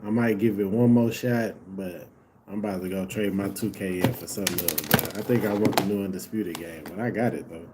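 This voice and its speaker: A man's voice: deep voice, steady tone, fairly quick, very noisy. A man casually commenting on a live basketball game for his stream viewers, laid-back and slangy, talking straight to them.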